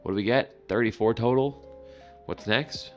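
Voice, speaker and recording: A man giving excitable, joking live commentary over gameplay, with sudden high-pitched exclamations. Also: normal speed, faint music behind. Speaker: gaming channel host.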